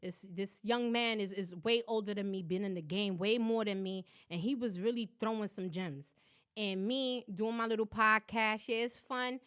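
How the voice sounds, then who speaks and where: A young woman hosting a podcast, loud and profane, laughing often in casual chat. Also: medium pitch, steady tone, moderate pace, clean tone. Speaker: podcast host.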